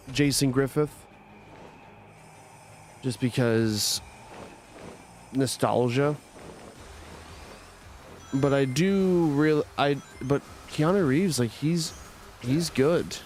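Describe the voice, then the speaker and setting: A man's voice: medium pitch, slow, long pauses, faint music behind. Rambling young man chatting over gameplay. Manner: rambling, full of "like" and restarts. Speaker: gaming streamer. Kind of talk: casual chat while playing a game.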